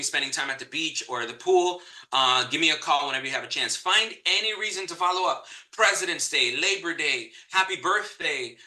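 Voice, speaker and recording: A man teaching a live real estate training, energetic and repeating key points for emphasis. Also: on the high side, echoey room, rough recording. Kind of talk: live online training talk.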